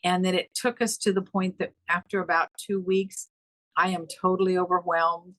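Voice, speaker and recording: Middle-aged woman, podcast guest, low voice, dry, animated storyteller. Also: moderate pace, dry recording, rough recording. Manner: animated, acts out quoted dialogue with pitch leaps. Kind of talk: emotional storytelling in conversation.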